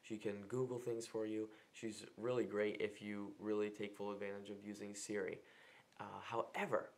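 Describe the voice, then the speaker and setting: A man's voice: on the low side, flat delivery, normal speed. Chatty young man venting casually. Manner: chatty and exasperated, acting out texts in mock voices. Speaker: vlogger. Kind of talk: casual vlog. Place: a room other than his usual filming spot.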